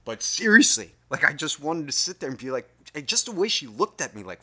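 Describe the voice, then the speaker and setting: A man hosting a casual comic monologue who rambles and swears in nearly every sentence. His voice is bright and animated, with pitch that jumps around as he tells the story. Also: a little fast, hardly any pauses. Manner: rambling, heavily profane. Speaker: host.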